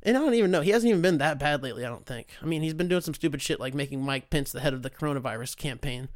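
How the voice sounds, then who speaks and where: A young man talks through a loose solo show. He rambles, swears freely and leans on sarcasm, and his voice sits a little higher than most men's. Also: expressive, rapid-fire, no room sound, studio quality. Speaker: podcast host. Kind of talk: casual solo commentary.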